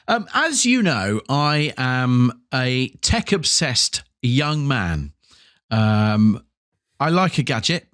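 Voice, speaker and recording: A man's voice: mid-range voice, sing-song, slow, a bit bright, no room sound, clean studio sound. A man co-hosting a podcast, telling a rambling, self-mocking story in casual chat, with lots of ums. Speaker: podcast co-host.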